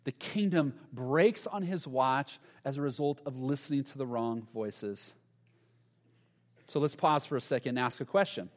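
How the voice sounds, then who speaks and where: A man preaching a sermon, telling a story in a lively way and acting out the quoted lines. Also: medium pitch, a little slow. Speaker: pastor. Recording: long reverb of a large hall.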